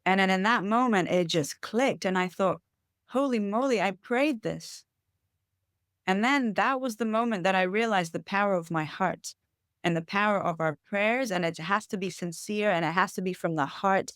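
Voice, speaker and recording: A woman's voice: mid-range voice, normal speed, a bit bright, no echo, studio quality. A woman who works as a life coach tells her personal story in a podcast interview, earnest and reflective, with many fillers. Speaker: intuitive life coach, guest.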